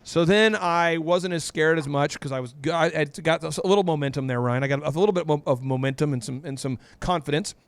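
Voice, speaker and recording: A man, a guest in an interview, telling a lively story and often jumping up in pitch. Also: brisk, few pauses, smooth, no room sound. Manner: animated, jumps high in pitch.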